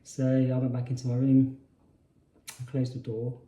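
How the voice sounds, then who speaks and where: A man's voice: mid-range voice, monotone, moderate pace, warm tone. A man telling a personal story in a hesitant way, often restarting and correcting himself. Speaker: spiritual channel host. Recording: roomy echo.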